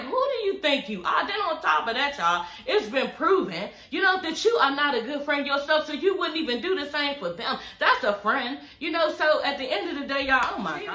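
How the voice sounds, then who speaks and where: A woman's voice: on the high side, pushed and bright, roomy sound, low-quality recording. A young woman giving a blunt, profane recap of a reality show, talking casually to her viewers. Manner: blunt, profane, repeats "you know what I'm saying".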